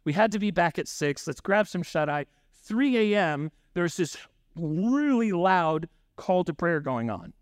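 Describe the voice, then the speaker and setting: A man's voice: high-pitched, expressive, measured pace, no room sound, studio quality. A man preaching a sermon in a conversational storytelling way, often checking in with "right?" and acting out bits of dialogue. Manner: conversational, frequent "right?" asides, acts out dialogue. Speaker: pastor.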